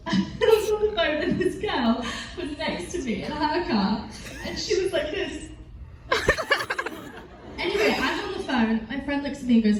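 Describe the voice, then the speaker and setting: A woman's voice: high voice, expressive, moderate pace. A woman answering fan questions at a convention panel, telling rambling stories full of fillers and giggles. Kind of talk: casual convention Q&A. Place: large convention hall. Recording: echoey hall, voice from far off, background noise.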